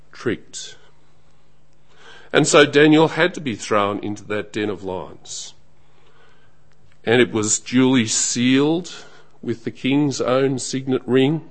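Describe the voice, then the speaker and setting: A man preaching a sermon in a measured, emphatic way, letting phrases trail off softly at the end. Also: medium pitch.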